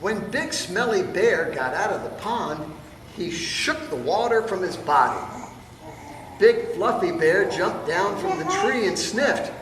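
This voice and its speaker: A man's voice: high-pitched, big pitch swings, slow pace. A man reading a picture book aloud to children in a playful way, pointing out the pictures. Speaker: storybook reader. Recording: distant, echoey hall with room noise.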